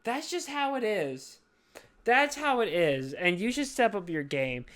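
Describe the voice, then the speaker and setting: A woman's voice: medium pitch, very animated, a little slow. A drunk woman hosting a casual podcast chat, rambling, swearing and apologizing over and over. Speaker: podcast host.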